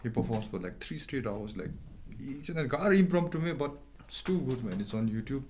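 Halting man mixing in another language. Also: medium pitch, expressive, darkish tone, a little hiss or hum. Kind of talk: casual chat.

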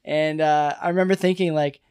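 A man's voice: on the high side, steady tone, brisk, a little mellow, clear, resonant tone. Joking, rambling man in casual chat. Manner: joking, profane, rambling storyteller.

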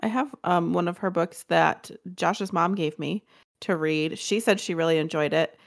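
Female co-host, calm and practical, lower voice, casual chat. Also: moderate pace, vocal fry. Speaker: podcast co-host.

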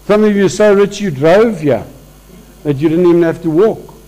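A man's voice: sits high, normal speed, dark tone, rough recording. A man preaching a conversational sermon at a church service, talking informally with restarts and building to emphatic peaks.

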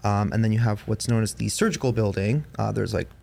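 A man's voice: on the low side, fairly quick, gravelly, a little mellow. A man hosting a podcast, telling a long ghost story in casual chat, full of fillers and restarts. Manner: rambling, lots of fillers and restarts. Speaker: podcast host.

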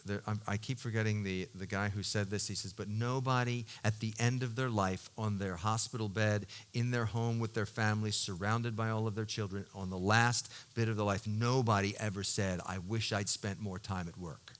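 With fairly even intonation overall, a middle-aged pastor delivers a sermon that shifts between loud emphatic highs and quiet, low stretches of storytelling, often stopping and restarting while he hunts for the right words.

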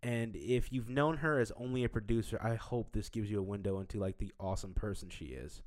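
A man's voice: on the low side, brisk, a little mellow. A man hosting a casual interview, playful and teasing, often laughing. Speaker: podcast host.

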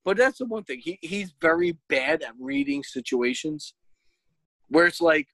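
A man tells a story in casual chat, exasperated and swearing freely, his voice sitting a little high. The sound is close and dry, with no room around it. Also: sing-song, a little slow, creaky, no echo, poor audio. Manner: shouts when quoting himself. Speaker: podcast host, parent.

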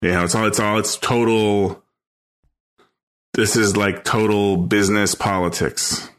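A man's voice: fairly low pitch, fairly even intonation, measured pace, fairly bright tone. A man co-hosting a podcast in easygoing casual chat. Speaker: podcast co-host.

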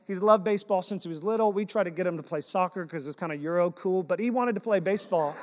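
A man preaching a sermon, telling personal stories in an animated, self-deprecating way to his congregation. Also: high voice, fast, slight background noise. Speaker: pastor. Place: church sanctuary. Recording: long hall reverb.

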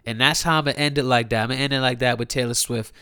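A young man ranting profanely in a comedic way, mocking and heated, jumping between loud outbursts and muttered asides. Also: medium pitch, fairly even intonation, racing, clean tone, dry recording, studio quality. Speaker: commentator.

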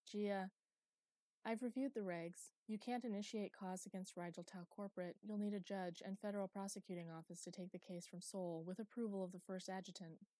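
A woman's voice: mid-range voice, steady tone, fairly quick, warm tone, no room sound, close to an everyday voice. A woman reading the lines of a firm, weary middle-aged colony chief in an audiobook. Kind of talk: audiobook character voice.

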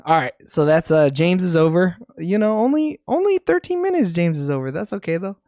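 A man hosting a casual podcast, excitable and cussing, calling his friends bro and dog. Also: high-pitched, brisk, dry recording, studio quality. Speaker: podcast host.

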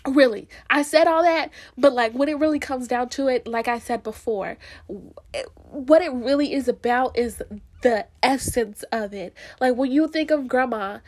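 A woman's voice: high voice, normal speed. A young woman from Florida talking straight to camera in a casual, heartfelt monologue, earnest and emphatic, repeating her points and laughing easily. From Florida, USA. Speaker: vlogger.

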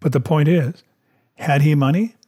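A man doing a calm, shrewd doctor. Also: fairly high pitch, normal speed, breathy edge. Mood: measured. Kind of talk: audiobook character voice.

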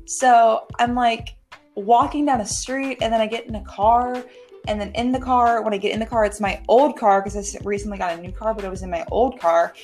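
A woman's voice: fairly high pitch, a little mellow. Chatty young woman rambling. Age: young adult. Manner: rambling storytelling with many "like"s. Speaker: podcast co-host. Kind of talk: casual chat.

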